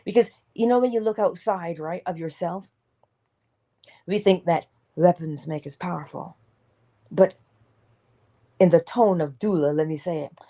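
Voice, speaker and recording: A woman's voice: fairly low pitch, normal speed, pauses often, mellow. A woman giving an inspirational morning talk in an emphatic, preacher-like way, sometimes dropping to a whisper. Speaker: motivational speaker.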